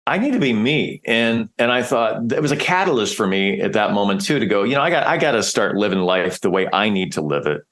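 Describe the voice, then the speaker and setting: A man's voice: lowish voice, animated, brisk, few pauses, a bit bright. A middle-aged man from Nebraska, a podcast guest, telling a personal story in a candid, emotional way and often restarting his sentences. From Nebraska, United States.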